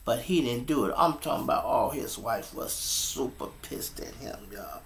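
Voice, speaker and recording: A man casually telling a story to his listeners, animated and profane, often calling them y'all, speaking at his computer setup. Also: mid-range voice, moderate pace, a little hiss or hum.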